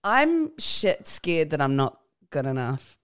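A woman's voice: sits low, sing-song, takes it slowly, a little hiss or hum. A young woman hosting a podcast, chatting casually and speaking candidly about her fears. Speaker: podcast host. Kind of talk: casual conversational interview.

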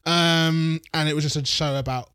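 A man's voice: fairly high pitch, fairly even intonation, moderate pace, bright, forceful tone, clear, resonant tone, no room sound, studio quality. A man co-hosting a casual podcast, rambling, swearing and joking at his own expense. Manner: rambling, sweary, self-mocking. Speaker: podcast co-host. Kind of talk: casual chat.

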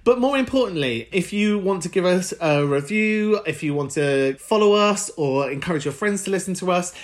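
Giggly camp podcast host. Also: male voice, high-pitched, lively intonation, moderate pace. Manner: camp, giggly, warm-hearted asides. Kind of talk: chatty podcast hosting.

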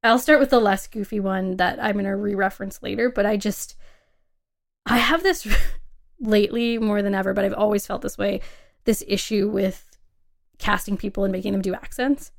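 Chatty woman podcast host with gravelly edges. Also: medium pitch, moderate pace. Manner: chatty, laughs often, emphatic. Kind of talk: casual film podcast chat.

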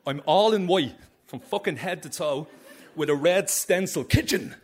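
A man with a Dublin accent telling a personal story on stage at a live story slam, animated and frank, swearing freely. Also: a little high, normal speed, slightly rough.

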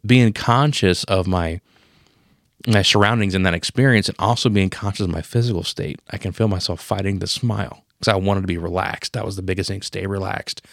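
Deep voiced guy telling a heavy story on a podcast, swears a lot, dry close sound. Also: fairly quick, vocal fry, no room sound. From Pennsylvania. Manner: emotional, profane, says boom for scene changes. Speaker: podcast co-host. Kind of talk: casual storytelling.

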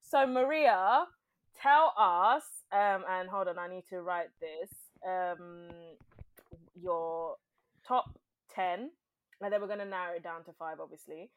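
A woman hosting a casual podcast chat, excitable and quick to laugh. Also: on the low side, narrow, tinny audio. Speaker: podcast host.

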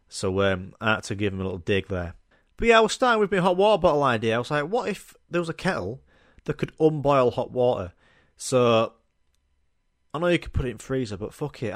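A man's voice: medium pitch, dry recording, studio quality. A young man hosting a casual solo podcast, joking bluntly and swearing freely as he rambles. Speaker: podcast host.

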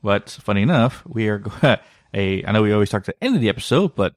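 A man co-hosting a casual podcast, telling a story in an animated way with lots of filler words. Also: lowish voice, quick pace, no echo, clean studio sound. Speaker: podcast co-host. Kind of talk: casual conspiracy podcast chat.

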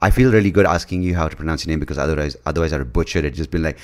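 A man's voice: a bass voice, racing. A man from India hosting a podcast, rambling through crude jokes with swearing and laughter. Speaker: podcast host. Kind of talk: casual podcast chat.

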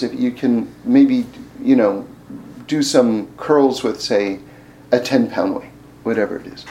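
High-voiced male Torah teacher, lively and informal, laughs easily between points. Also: poor audio. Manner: animated, laughing, repeats words while thinking.

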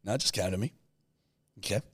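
A man's voice: on the low side, quick pace, breathy edge, dry recording, clean studio sound. A man with an Australian accent, co-hosting a podcast in casual banter, swearing freely and cracking puns. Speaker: podcast co-host.

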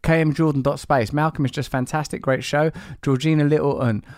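A man's voice: a little high, fairly even intonation, brisk, clear, resonant tone, no room sound, clean studio sound. Playful rambling male podcast host. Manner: playful, rambling, mock-romantic; trails off in self-corrections. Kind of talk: podcast intro and listener comments.

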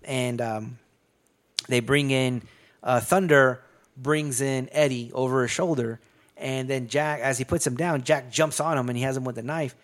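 A man's voice: mid-range voice, steady tone, normal speed. Man retelling a movie, rambling and profane. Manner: rambling, profane storytelling with many restarts. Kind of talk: casual movie recap chat.

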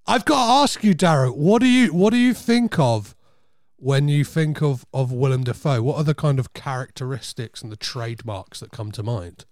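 A man's voice: mid-range voice, expressive, moderate pace, darkish tone, no echo, studio quality. A man co-hosting a film podcast in casual chat, talking enthusiastically and rambling with restarts. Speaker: podcast co-host.

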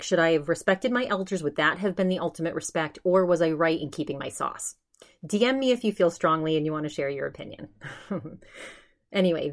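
A young woman hosting a podcast, telling a story in casual chat with animated quoted asides. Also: sits low. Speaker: podcast host.

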